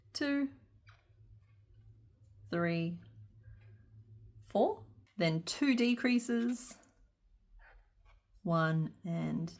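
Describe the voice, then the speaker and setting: A woman teaching a crochet pattern step by step, counting stitches aloud and breaking into giggles. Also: mid-range voice. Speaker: crochet instructor. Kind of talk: step-by-step craft tutorial.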